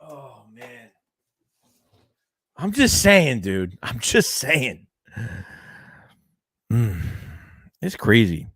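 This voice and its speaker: A man's voice: medium pitch, big pitch swings, extremely slow, pauses often, fairly bright tone, breathy edge, dry recording. A man hosting a casual sports livestream, ranting bluntly with profanity and repeating himself while reading chat messages. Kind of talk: casual fan rant reading live chat.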